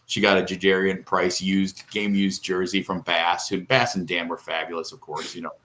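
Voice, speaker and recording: A man's voice: low voice, flat delivery, moderate pace, fairly bright tone. A middle-aged man co-hosting a podcast, telling a long, rambling, emotional story in casual chat and tearing up. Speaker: podcast co-host.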